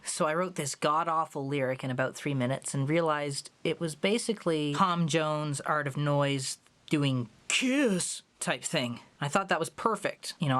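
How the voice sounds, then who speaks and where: A man's voice: a little high, a bit bright. A man talking in a jokey, self-mocking way in a comedic vlog, working as a musician in his home studio. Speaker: musician vlogger.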